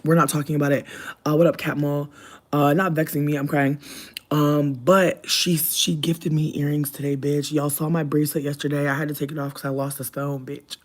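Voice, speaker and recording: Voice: level tone, a little fast. Chatty, profane young streamer. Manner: chatty, profane storytelling with sudden loud high outbursts. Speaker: livestreamer reading chat. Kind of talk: casual livestream chat.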